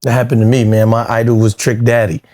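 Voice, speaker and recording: A man, a DJ co-hosting the show, telling stories in an animated, laughing way with plenty of swearing. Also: mid-range voice, fast talker. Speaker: DJ and co-host. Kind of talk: casual storytelling chat.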